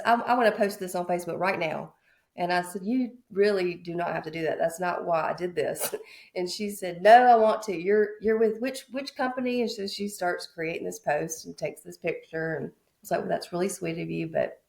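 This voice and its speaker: A woman realtor from Mississippi telling a lively story on a podcast, acting out the people she quotes. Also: lowish voice, creaky. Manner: animated, acts out quoted voices. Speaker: realtor guest.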